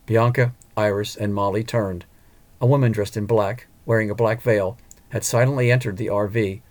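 A man narrating a storybook in a measured, even manner. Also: lowish voice. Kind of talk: scripted audiobook narration.

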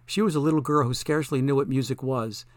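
A man narrating an audiobook in a measured, plain reading style. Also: medium pitch, no echo. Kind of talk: scripted narration.

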